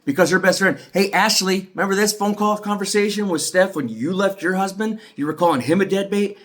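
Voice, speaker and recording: A man's voice: high-pitched, brisk. A middle-aged man giving an agitated, profane monologue to the camera as an aggrieved father. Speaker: aggrieved father telling his story.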